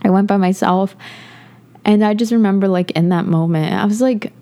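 A woman's voice: medium pitch, normal speed, mellow, smooth. A young woman hosting a podcast, talking through her personal views in a rambling, earnest way, full of fillers and restarts and close to tears at times. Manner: earnest, rambling, heavy on "like", gets emotional. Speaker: podcast host. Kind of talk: personal reflective monologue.

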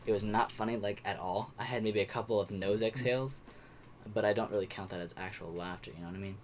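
A young man talks through his movie opinions in a relaxed podcast chat, circling back with fillers and restarts. His voice sits low, with a faint hiss of background noise behind him. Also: fast talker. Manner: rambling, with frequent restarts and fillers. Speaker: podcast co-host. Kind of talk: casual movie review chat.

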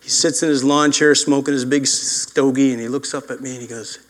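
A man's voice: mid-range voice, fairly even intonation, a little fast. An older man preaching a sermon as pastor, mixing personal stories with scripture and acting out voices in quotes. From upstate New York. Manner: storytelling, acts out voices in quotes.

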